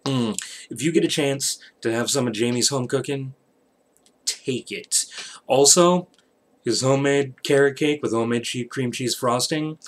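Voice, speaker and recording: A man talks to his viewers late at night, wandering from topic to topic. He jokes and swears freely in a relaxed, offhand way. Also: medium pitch, measured pace. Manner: rambling, profane, joking. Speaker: channel host. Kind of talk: rambling late-night channel update.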